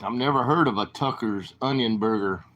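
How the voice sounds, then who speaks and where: A man's voice: medium pitch, normal speed, a bit bright. Southern guy w/ a drawl, talking to chat on a late night stream, rambly. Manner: drawling, rambling, chatting to viewers. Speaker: livestream host.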